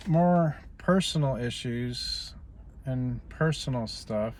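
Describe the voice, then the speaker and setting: A man's voice: mid-range voice, lively intonation, drawn-out words, a little mellow, a little hiss or hum. A man vlogging in a rambling, casual way, stopping often on "you know" as he drifts from politics to personal life.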